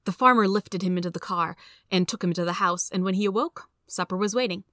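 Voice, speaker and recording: Woman host, story reader, steady and clear, mid-pitched. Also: brisk, no room sound, studio quality. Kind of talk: reading a story aloud.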